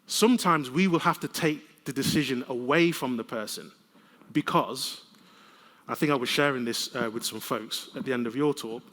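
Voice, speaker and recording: Animated male keynote speaker in a reverberant hall. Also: medium pitch, normal speed. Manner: lively, conversational storytelling with humor. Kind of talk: conference keynote talk. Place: large conference hall. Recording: long reverb of a conference hall.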